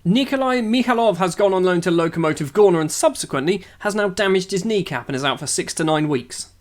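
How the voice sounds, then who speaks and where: High-voiced sarcastic gamer man. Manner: dry, sarcastic, chatty. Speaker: gaming YouTuber. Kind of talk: casual game commentary.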